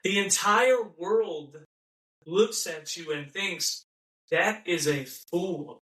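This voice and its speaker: A man with a high, bright voice rants through a mocking monologue and keeps circling back to repeat his points. He sounds set back from the microphone in a room with a lot of echo. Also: very slow. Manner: ranting, repetitive, mocking, acts out quoted voices. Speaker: podcast host. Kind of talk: impassioned monologue. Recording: echoey room, voice from a distance.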